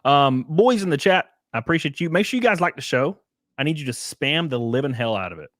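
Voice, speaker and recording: This Southern podcast host sounds a little high and fairly bright, talking in an animated, slightly quick way. With his Southern American accent, he rambles easily through a relaxed livestream chat, laughing a lot, captured in a dry, studio-quality recording.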